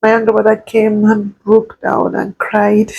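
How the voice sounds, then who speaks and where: Tearful woman in her thirties, vlog confession; slow, husky, a low warm fry. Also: monotone, low-quality recording. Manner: slow, halting, grieving. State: tearful, crying at times. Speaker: vlogger sharing a personal story. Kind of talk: emotional personal storytelling.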